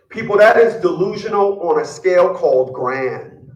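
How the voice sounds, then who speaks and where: A man's voice: high-pitched, animated, normal speed, reverberant, distant mic, rough recording. A man giving blunt, boastful relationship advice in a casual, profane rant, often repeating words as he gets worked up. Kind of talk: casual ranting monologue.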